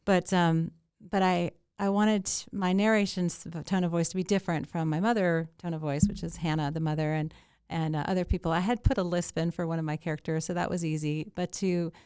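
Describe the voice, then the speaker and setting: A middle-aged woman author chatting in an interview, talking quickly, with frequent restarts and ums. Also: lowish voice, steady tone, darkish tone, smooth, dry recording, clean studio sound. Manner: talks fast, with restarts and many ums. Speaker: author guest. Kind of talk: casual interview chat.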